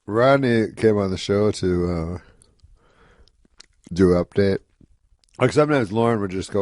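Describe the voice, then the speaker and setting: A comedian telling a long, rambling anecdote in a casual interview, deadpan and full of "you know" asides. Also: male voice, lowish voice, moderate pace, pauses often, dry recording. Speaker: comedian guest telling a story.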